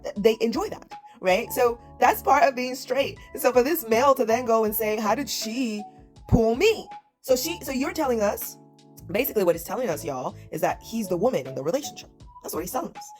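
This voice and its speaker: A woman's voice: on the high side, lively intonation, a little fast, faint music behind. A woman giving reaction commentary in a mocking, scornful way, repeating her points.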